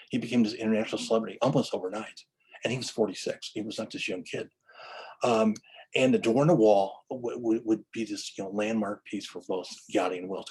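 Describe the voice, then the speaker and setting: A man's voice: fairly low pitch, husky, poor audio. A man giving an enthusiastic lecture-style story about book history, full of restarts and stammers.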